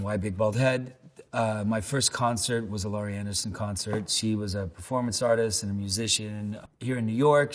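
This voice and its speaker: A man, an actor, answering questions in a casual, rambling, self-deprecating way and telling loose anecdotes. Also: fairly low pitch. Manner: laid-back, rambling, self-deprecating storyteller. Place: lives in New York.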